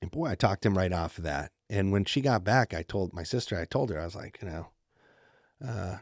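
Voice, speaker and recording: A man's voice: low voice, moderate pace, no room sound, studio quality. A middle-aged man co-hosting a podcast, telling a story in casual chat and acting out the quoted lines. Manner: animated storyteller who acts out the quoted lines. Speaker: podcast co-host.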